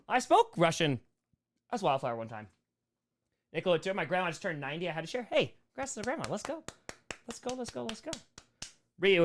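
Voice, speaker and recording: A young man with a hoarse voice, reading chat questions on a casual live-stream Q&A, jokey and fond of repeating short phrases. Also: on the high side, fairly bright tone.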